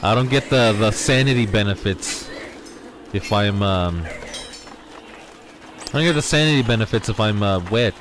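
A man giving casual, excitable let's-play commentary, talking to his viewers with frequent exclamations. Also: fairly low pitch, moderate pace, long pauses, background noise. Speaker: gaming YouTuber.

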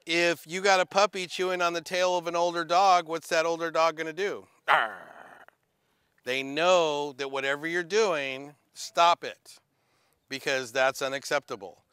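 Guy running a dog training workshop, highish bright voice, direct and hands-on. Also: fairly even intonation, moderate pace, clear, resonant tone, no echo, studio quality. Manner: direct, demonstrative coaching. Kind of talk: workshop instruction.

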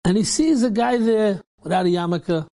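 A man's voice: high-pitched, normal speed, dark tone. A man, a rabbi, telling a story in a casual, repetitive way, peppered with Yiddish and Hebrew words.

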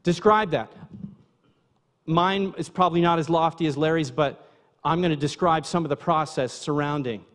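High-voiced pastor preaching in a reverberant church. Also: male voice, steady tone, normal speed, fairly bright tone. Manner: conversational preaching, asides to the congregation. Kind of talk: sermon. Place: church sanctuary.

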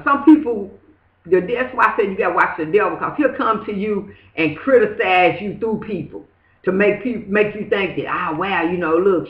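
Woman, casual testimony, rambling with many fillers; roomy echo, muffled lo-fi recording. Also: on the low side. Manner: rambling, full of "you know what I'm saying". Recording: echoey, dull lo-fi room sound.

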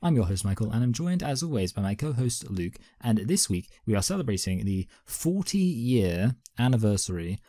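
A British man hosting a film podcast, joking with a dry, deadpan manner in casual banter. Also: lowish voice, moderate pace, hardly any pauses, no room sound. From Britain. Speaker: podcast host.

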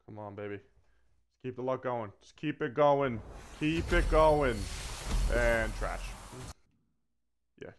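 A man talking through a video game pack opening in an everyday mid-range voice. He grumbles and swears at poor results, then jumps to loud, excited shouts at good ones. A faint hiss sits under the recording. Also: medium pitch, slow, pauses often. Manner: swears freely, swings between flat grumbling and excited shouts. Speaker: gaming video creator. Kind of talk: casual commentary while opening game packs.

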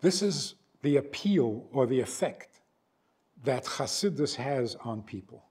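A man's voice: medium pitch, slow, slightly rough. An older man, a rabbi, giving a storytelling lecture and acting out both sides of a conversation. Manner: animated storyteller, acts out both sides of dialogues. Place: synagogue hall.

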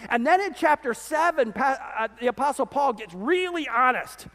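A man preaching a sermon as pastor to his congregation, animated, his voice swinging from loud peaks to quiet lows. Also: normal speed, few pauses. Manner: animated preaching, voice rising and dropping sharply. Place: church sanctuary. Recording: church sanctuary with long reverb.

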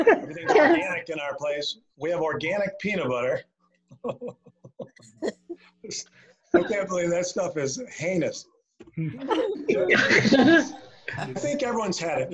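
A middle-aged man from upstate New York doing a stand-up set over a video call from home, landing punchlines dry and slowed down. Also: high voice, wildly swooping pitch, muffled recording, a crowd in the background. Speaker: stand-up comedian. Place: a home, indoors.

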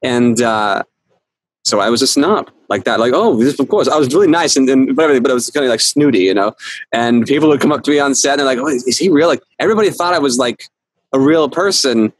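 A man guest on an interview, telling stories in a lively, laughing way and acting out quotes. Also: medium pitch, fast talker, no room sound, poor audio. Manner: animated storyteller, laughs often, acts out quotes. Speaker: actor guest. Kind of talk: casual interview chat.

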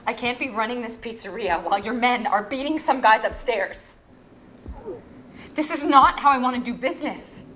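A fed-up young granddaughter, played by a woman, who runs the family pizzeria. She speaks bluntly and firmly in a fairly high voice. A faint hiss runs under the voice. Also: moderate pace, hardly any pauses, fairly bright tone, close to an everyday voice. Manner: blunt and firm.

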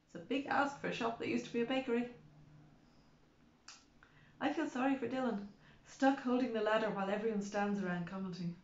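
A woman's voice: fairly high pitch, fairly quick, pauses often. A woman narrating an audiobook in the first person, with a wry, chatty manner. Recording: roomy, slightly dull recording.

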